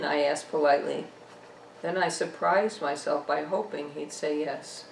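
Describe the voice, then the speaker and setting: A woman author reading her own novel aloud, telling a first-person story at a measured pace. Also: low voice, fairly even intonation, creaky, a little hiss or hum. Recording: echoey room, distant mic.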